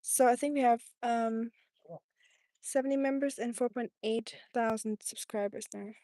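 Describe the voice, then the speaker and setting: A woman with a thick German accent hosts a live stream, reading out viewer comments and chatting back with easy laughter. Her voice sits a little high. The sound is close and dry, with no room echo. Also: steady tone, normal speed, mellow. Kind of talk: casual live-stream chat. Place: home in Tennessee.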